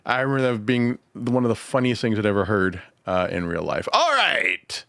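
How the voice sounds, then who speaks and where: A man's voice: lowish voice, sing-song, moderate pace, creaky, pushed and bright, no room sound. A man hosting a casual comedy podcast, laughing often as he talks. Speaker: podcast host.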